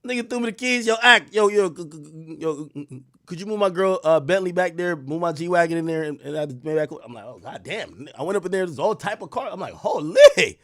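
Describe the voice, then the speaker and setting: A young man hosting a show, telling a story to viewers in a casual, profane and slangy way, with loud exclaims and quiet asides. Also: a little high, fast talker, no echo, studio quality. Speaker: show host.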